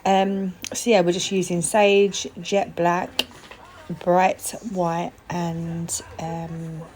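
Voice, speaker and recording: A woman's voice: fairly low pitch, flat delivery, drawn-out words, darkish tone, slight background noise. A young woman casually talking through her nail work in a tutorial vlog, chatty and full of little asides and fillers. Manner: chatty, lots of fillers and self-deprecating asides. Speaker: nail tech vlogger.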